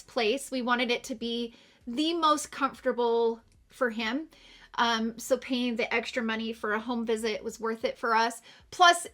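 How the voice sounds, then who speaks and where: A woman's voice: a little high, pushed and bright. A middle-aged woman chatting heartfelt with her viewers while doing her makeup, tearful after a morning of crying. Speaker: beauty vlogger. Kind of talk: casual get-ready-with-me chat.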